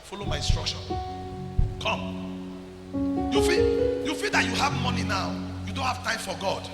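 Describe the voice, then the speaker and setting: A man with a Nigerian accent preaching a sermon as pastor, calling people forward and shouting at the peaks. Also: very high voice, big pitch swings, unhurried, roomy sound, long reverb tail, over loud music.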